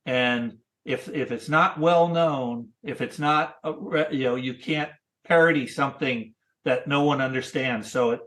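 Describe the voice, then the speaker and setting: A man in his sixties, a cartoonist guest, chatting casually in a thoughtful, halting way with many restarts. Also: medium pitch, fairly bright tone. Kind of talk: casual interview chat.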